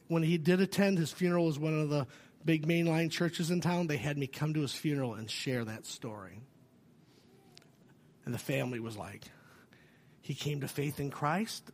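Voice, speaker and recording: A man, a pastor preaching a sermon, telling stories with swings from loud and animated to quiet and hushed. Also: a little high, a little hiss or hum. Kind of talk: sermon with storytelling. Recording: long hall reverb.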